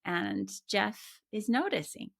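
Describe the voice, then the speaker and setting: A woman's voice: medium pitch, takes it slowly, gravelly, no room sound, clean studio sound. A middle-aged woman co-hosting a podcast, talking expressively and laughing often. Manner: expressive, laughs often, acts out voices in examples. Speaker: podcast co-host, therapist. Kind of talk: casual chat.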